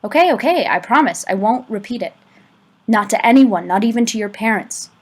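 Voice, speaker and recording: A woman's voice: fairly high pitch, expressive, a little fast, slightly rough. A woman reading as an anxious teenage boy. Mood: pleading. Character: bullied teenage Native American boy, anxious. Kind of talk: amateur audiobook reading.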